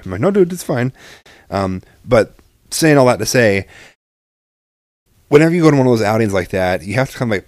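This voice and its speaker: A man with a somewhat low voice talks loosely through stories on a casual podcast, drifting between tangents, laughing, and dropping the odd curse. The sound is dry and close, with no room echo. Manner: rambling storyteller, laughs often, swears casually. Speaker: podcast co-host. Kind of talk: casual chat.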